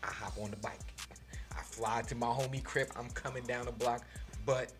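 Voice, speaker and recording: A man telling a funny story on a podcast in animated, slangy speech with acted-out quotes. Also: mid-range voice, normal speed, music in the background. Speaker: podcast guest. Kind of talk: casual storytelling.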